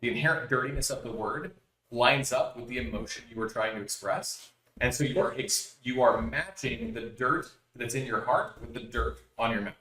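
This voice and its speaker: A man's voice: medium pitch, normal speed, bright, forceful tone. A man co-hosting a podcast, arguing his point in casual debate, cutting in often and restarting sentences. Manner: argumentative, interrupts, hesitant restarts. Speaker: podcast co-host. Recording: roomy echo.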